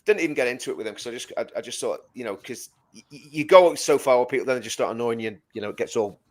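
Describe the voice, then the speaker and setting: Very fast and medium-pitched, a man co-hosts a casual live-stream chat. He talks emphatically, building his argument by repeating words.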